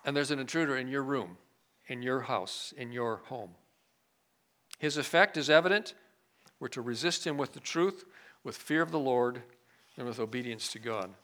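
Bright-voiced preaching man, loud then hushed. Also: medium pitch, normal speed, pauses often. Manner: swings from loud emphasis to quiet asides. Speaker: pastor. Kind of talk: sermon.

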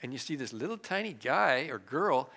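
A man preaching a sermon and reading scripture aloud. He swings between loud, emphatic lines and hushed, quiet asides. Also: medium pitch, sing-song, moderate pace.

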